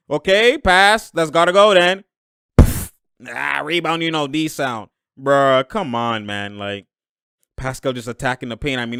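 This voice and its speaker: A young man reacting live to a basketball game, excitable and slangy, laughing often and yelling at plays. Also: on the high side, smooth, no room sound, studio quality.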